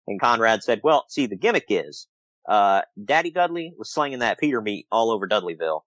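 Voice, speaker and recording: On a casual podcast, a man co-hosts a recap of old wrestling shows, laughing often and acting out quotes in an animated retelling. His voice is fairly low and brisk, captured in a dry, rough recording.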